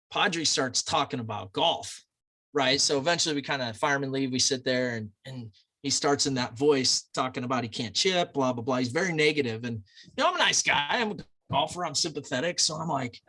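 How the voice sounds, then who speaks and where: A man's voice: mid-range voice, expressive, normal speed, pushed and bright. A man, a podcast guest from the United States, telling a long rambling anecdote in casual chat, loose and full of fillers.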